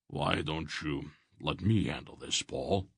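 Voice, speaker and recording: A man voicing a wise, dry-humored old sorcerer in an audiobook, speaking calmly and firmly. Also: extremely low pitch, gravelly, breathy edge, dry recording, full character voice. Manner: calm, measured, gently firm. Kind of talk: audiobook character voice.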